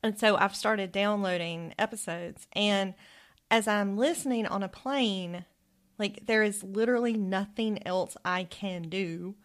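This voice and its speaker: A woman's voice: mid-range voice, unhurried. A woman co-hosting a podcast in casual, reflective chat, laughing easily. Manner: chatty, laughs often, reflective. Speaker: podcast co-host.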